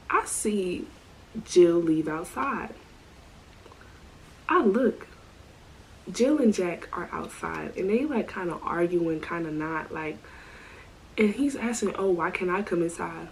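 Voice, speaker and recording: A woman's voice: lowish voice, vocal fry, a little hiss or hum, low-quality recording. Chatty woman telling a story. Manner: animated, slangy, full of asides. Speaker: storytime vlogger. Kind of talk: casual storytelling.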